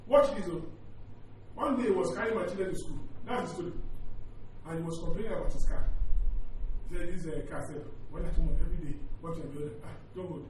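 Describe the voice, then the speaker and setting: A man's voice: fairly high pitch, fast talker, background noise. A middle-aged male pastor preaching a sermon and telling a story, acting out the dialogue and often repeating his words. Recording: echoey hall, mic far off, faint ambience.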